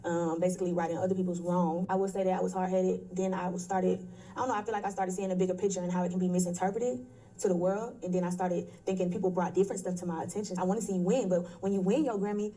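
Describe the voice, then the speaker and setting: A woman being interviewed, reflecting out loud on her own experiences. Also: on the low side, fairly even intonation, fast. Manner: reflective, thinking aloud. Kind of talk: interview clip. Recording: distant playback through stream.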